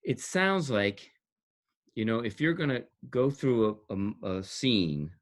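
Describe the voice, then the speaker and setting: Man, acting coach and director, low voice, emphatic, repeats himself, interview. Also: very animated, slow. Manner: emphatic, repeats key words, laughs between points. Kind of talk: explaining his teaching in an interview.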